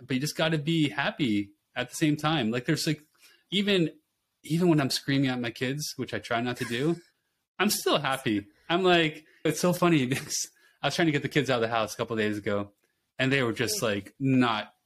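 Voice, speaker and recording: A man, a nurse and father, guesting on a podcast and telling parenting stories in an animated, laughing way. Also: medium pitch, a little fast. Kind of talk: casual conversational interview.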